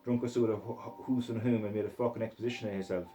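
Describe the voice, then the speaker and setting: A man's voice: fairly low pitch, steady tone, fast talker, mellow, soft background music, close to an everyday voice. A man voicing a prim, snooty Scottish sister in a put-on Scottish accent.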